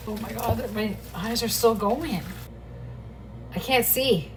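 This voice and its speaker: A woman's voice: a little high, takes it slowly, long pauses. Middle-aged woman, casual cooking vlog, chatty and swearing, phone mic at a distance, noisy home kitchen. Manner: chatty, swearing freely, talking to camera while cooking. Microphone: phone on a tripod. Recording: phone mic from across the kitchen with background noise.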